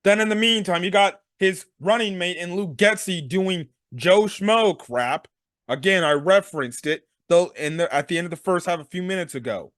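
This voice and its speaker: A man's voice: high-pitched, normal speed, fairly bright tone, dry recording, clean studio sound. A man hosting a sports talk show, ranting through a game recap with exasperated rhetorical questions. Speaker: sports podcast host.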